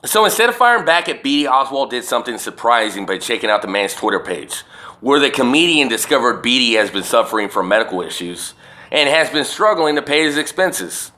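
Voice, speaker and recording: Bright-voiced man ranting on his podcast. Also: medium pitch, sing-song, a little fast. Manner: profane, rambling, emphatic. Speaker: podcast host. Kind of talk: casual solo podcast rant.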